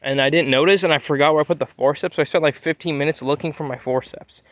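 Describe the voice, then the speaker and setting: A man's voice: fairly high pitch, fairly even intonation, fast, fairly bright tone, dry recording. A young man casually telling a rambling story, swearing often and losing his train of thought. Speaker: vlogger.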